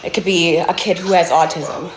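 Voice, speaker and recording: A woman chatting casually on a livestream about the book she wrote, hesitant, with many pauses and restarts. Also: on the low side, fairly even intonation, reverberant, rough recording. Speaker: author promoting her own book.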